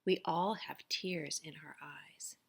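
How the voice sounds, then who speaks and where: A woman's voice: sits low, steady tone, slow pace, vocal fry, a bit bright, slightly rough. A woman teacher reading a picture book aloud, narrating expressively. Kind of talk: storybook read-aloud.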